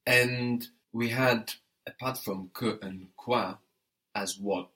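A man's voice: lowish voice, fairly even intonation, slow, pushed and bright. A man teaching French in an audio lesson, patient and methodical, prompting the learner and spelling words letter by letter.

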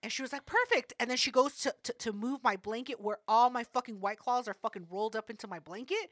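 A young woman co-hosting a podcast, telling stories loudly and brashly, with plenty of swearing. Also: fairly high pitch, fast talker, no echo, studio quality. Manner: loud, brash storytelling with heavy swearing. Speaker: podcast co-host. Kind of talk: casual chat.

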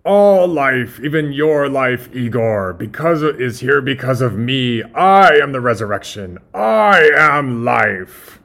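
A man voicing a grandiose, self-important male mad scientist who booms out proclamations. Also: sing-song, slow, vocal fry, few pauses, fairly bright tone, exaggerated voice.

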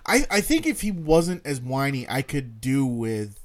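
A man co-hosting a casual podcast chat, speaking in halting bursts and repeating words as he thinks. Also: medium pitch, big pitch swings. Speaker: podcast co-host.

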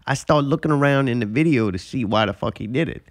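A man's voice: medium pitch, lively intonation, fast talker. A man cracking crude jokes and telling stories in casual chat with friends. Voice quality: profane, joking storyteller.

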